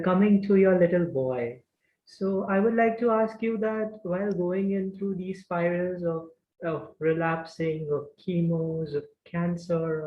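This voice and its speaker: An interviewer asking questions in a slow, deliberate way. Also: medium pitch. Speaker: interviewer, host. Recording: roomy, dull lo-fi sound.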